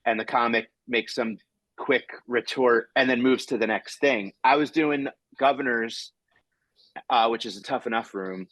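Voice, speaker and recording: A man's voice: mid-range voice, unhurried, fairly bright tone, no room sound, poor audio. Dry-sounding man in casual chat. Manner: rambling, restarts, acts out quoted exchanges. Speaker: comedian podcast host.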